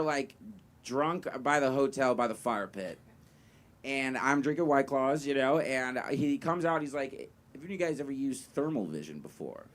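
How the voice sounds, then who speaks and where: A young man performing a stand-up set, telling a loose, rambling story full of fillers and swearing. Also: mid-range voice. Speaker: stand-up comedian. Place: live comedy venue with audience. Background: audience laughter.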